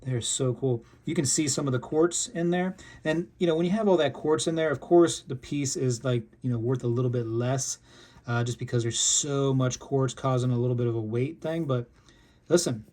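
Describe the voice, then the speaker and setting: A man's voice: medium pitch, normal speed, dark tone. A man hosting a casual show-and-tell video, chatty and enthusiastic, rambling with lots of fillers. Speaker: coin collecting video host.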